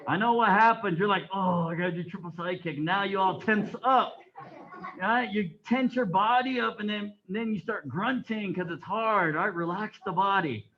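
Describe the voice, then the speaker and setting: A man teaching a taekwondo class. He barks counts and commands and explains technique calmly in between. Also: high voice, moderate pace, dull audio, a little hiss or hum. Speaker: taekwondo instructor. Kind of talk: coaching a martial arts class. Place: martial arts training hall.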